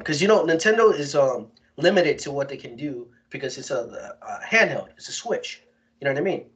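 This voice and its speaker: A man co-hosting a podcast, chatting casually in an animated, slangy way with lots of swearing. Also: a little high, fairly quick, lo-fi sound. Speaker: podcast co-host. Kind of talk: casual chat.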